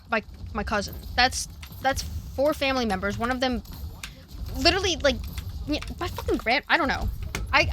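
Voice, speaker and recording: A woman's voice: high voice, bright, forceful tone, a little hiss or hum. A young woman streamer talking casually and emotionally about her family, with many fillers and restarts. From family from Russia and Ukraine.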